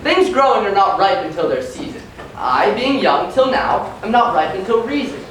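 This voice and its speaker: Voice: medium pitch, very animated, normal speed, natural voice. An actor playing a passionate young nobleman in love on stage, with declaiming delivery. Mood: ardent. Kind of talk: live stage acting. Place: theater stage. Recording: echoey theater from far off, background noise.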